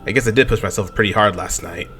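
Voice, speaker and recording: A young man hosting a let's play, reading the game's narration and dialogue aloud in an animated way and often tripping over words before correcting himself. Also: on the low side, fast, a little hiss or hum. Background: game music.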